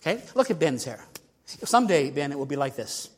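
Older guy preaching, kinda husky, big church echo, chatty with the pews. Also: fairly high pitch, very animated, a little fast. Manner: folksy, calls on people in the pews by name. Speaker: visiting bishop's envoy preaching on tithing. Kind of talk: sermon with audience participation. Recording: long church reverb.

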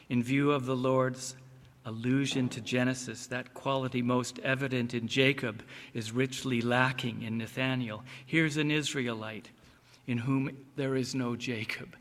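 Slow gravelly preacher in a reverberant hall. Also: male voice, mid-range voice, a bit bright. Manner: slow, deliberate, emphatic reading of scripture. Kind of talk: expository sermon. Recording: long reverb of a large hall.

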